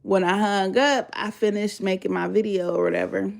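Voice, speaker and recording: Brief: woman storyteller for a storytime vlog, expressive and swearing freely, pitch spiking on outbursts. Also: moderate pace, vocal fry. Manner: animated, profane, jumps high when exclaiming. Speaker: YouTuber telling a story; mother of three.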